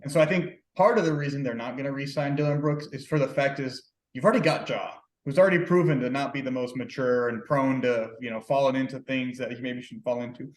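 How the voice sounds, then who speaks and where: A man co-hosting a sports podcast, measured and analytical, building long arguments. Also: mid-range voice, roomy sound, rough recording. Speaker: podcast co-host. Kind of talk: casual sports chat.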